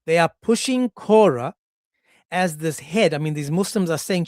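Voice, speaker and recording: A man talking straight into a dry, close microphone with no room sound. He sits a touch high for a male voice and mocks his subject, slipping into put-on voices for the people he quotes. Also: expressive, moderate pace, a little mellow, dry recording. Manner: mocking, sarcastic, acts out quoted voices. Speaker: commentary channel host. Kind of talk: monologue commentary on a clip.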